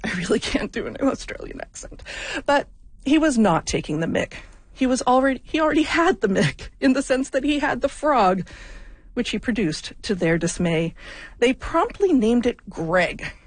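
A woman's voice: fairly high pitch, big pitch swings, moderate pace, dry recording. Wry woman radio host, close and dry. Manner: wry, playful storytelling. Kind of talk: scripted radio news feature.

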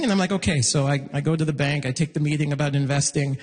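Animated high-voiced male comedian in a hall. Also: a little fast, long pauses, slight background noise. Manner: animated, self-mocking, jumps into loud high act-outs. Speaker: stand-up comedian. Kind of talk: stand-up comedy set. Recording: long reverb of a hall.

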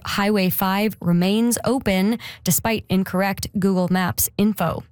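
A woman news anchor reading a regional radio newscast in a steady, measured way. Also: medium pitch, no echo. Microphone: studio microphone.

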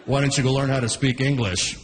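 A man's voice: medium pitch, flat delivery, fast, in a large hall, pitched below the performer's own voice, natural voice. A man voicing a rude, condescending stranger in a queue, smug and mocking.

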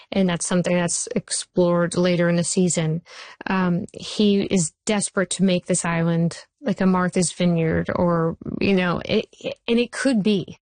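A woman in her forties, a TV writer, telling animated stories as an interview guest. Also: lowish voice, no room sound. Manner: animated storyteller, rushes through anecdotes. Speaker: TV writer and showrunner.

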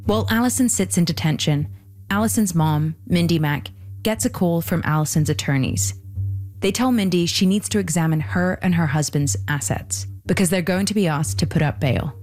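Woman host, low voice, scripted narration, measured and even. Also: faint music behind. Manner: measured, even storytelling delivery.

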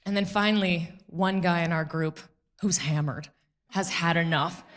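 A woman comedian doing a stand-up set, animated and punchy, often laughing at her own jokes. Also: on the low side, moderate pace.

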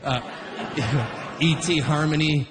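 A man in his forties doing stand-up, telling rambling stories, cutting himself off and restarting, with animated impressions. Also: fairly high pitch, takes it slowly, a crowd in the background, background noise. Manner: rambling, self-interrupting, animated quacking impressions. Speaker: stand-up comedian. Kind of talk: stand-up storytelling. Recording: live venue reverb, faint ambience.

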